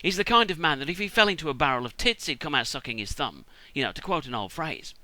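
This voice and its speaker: British man, comic Bible retelling, irreverent, sweary, animated pitch. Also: fast talker, dry recording, low-quality recording. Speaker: storyteller.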